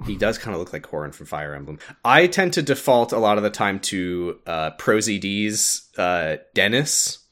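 A man with a fairly low voice that jumps around a lot in pitch, talking through a game's story in casual podcast chat. He laughs often and leans on little "uh"s as he explains. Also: moderate pace, hardly any pauses. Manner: animated, laughs often, recaps with filler "uh".

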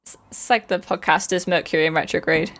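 A woman's voice: on the low side, steady tone, fairly quick, fairly bright tone. A woman co-hosting a podcast in casual chat, joking and sarcastic. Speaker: podcast co-host.

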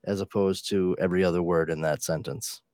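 A man's voice: low-pitched, fairly even intonation, fairly quick, darkish tone, no echo, studio quality. A man co-hosting a casual chat about comics, loose and swearing now and then. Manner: casual, swears, reads comic lines in put-on voices. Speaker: podcast co-host.

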